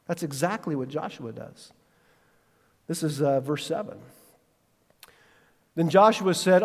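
A man's voice: a little high, unhurried, long pauses, big-room sound. A male pastor preaching a sermon, telling stories animatedly and asking listeners direct questions. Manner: animated storytelling, acts out quotes, asks listeners questions.

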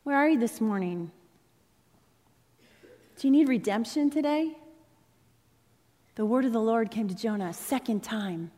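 Woman preacher, impassioned sermon, dramatic delivery, slightly high voice, church sanctuary. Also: lively intonation, measured pace, pauses often, dark tone. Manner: impassioned, dramatic, rising and falling intensity. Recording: long reverb in a large hall.

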